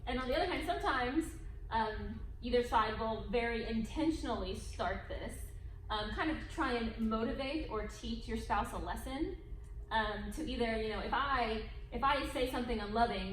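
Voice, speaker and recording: A wife co-leading a church marriage workshop, explaining in a measured way. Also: female voice, fairly high pitch. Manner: measured, explanatory, with light laughs. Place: church hall. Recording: echoey room with faint noise.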